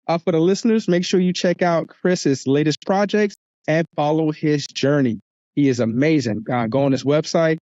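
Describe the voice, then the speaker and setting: A man's voice: fairly high pitch, normal speed, darkish tone, dry recording, lo-fi sound. A man hosting a podcast interview, friendly as he wraps up and thanks his guest. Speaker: podcast host.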